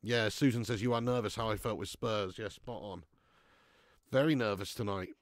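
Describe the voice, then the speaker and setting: A man's voice: fairly low pitch, normal speed, no room sound, studio quality. A young man hosting a live football watch-along, swinging between deflated muttering and swearing rants. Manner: swearing, ranting fan commentary. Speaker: fan watch-along host.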